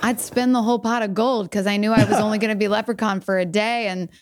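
A woman's voice: mid-range voice, steady tone, fast. A woman co-hosting a podcast, bubbly and enthusiastic, gushing in a casual chat. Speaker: podcast co-host.

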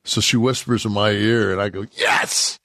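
A low, gravelly man talking loosely on a podcast, swearing freely as he wanders through a story. The sound is dry and close, with no room around it. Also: fairly even intonation, brisk, fairly bright tone, no room sound. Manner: profane, rambling storytelling. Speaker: podcast co-host. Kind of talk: casual podcast chat.

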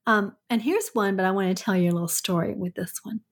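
Older woman, Southern accent, husky voice, chatty tips, podcast co-host. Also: mid-range voice, fast talker. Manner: chatty, giving household tips. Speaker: podcast co-host, the host's mother. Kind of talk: casual chat.

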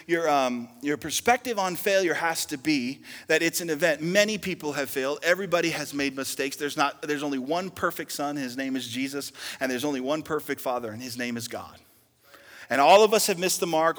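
A man preaching a sermon in a fairly high, bright voice. His delivery swells with rising intensity and pointed rhetorical questions. A long hall reverb trails each phrase. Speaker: pastor.

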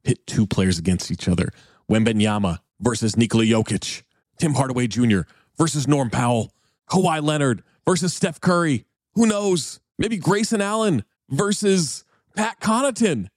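A man reading a sponsor ad on a podcast in an upbeat, emphatic sales pitch. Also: animated, normal speed, dry recording, clean studio sound. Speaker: ad reader. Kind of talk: podcast ad read.

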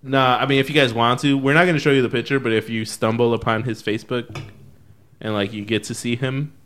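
A man's voice: medium pitch, fairly even intonation, a little fast, fairly bright tone, a little hiss or hum. A man co-hosting a casual chat, joking around in slangy talk. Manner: slangy, jokey, says yo and dude.

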